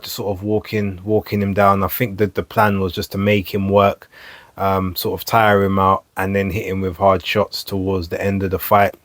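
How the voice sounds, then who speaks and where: A man's voice: lowish voice, no room sound. A man giving his casual, rambling thoughts on boxing to camera, often stumbling and correcting himself over names. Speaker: boxing vlog host. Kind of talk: casual solo commentary to camera. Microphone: camera mic.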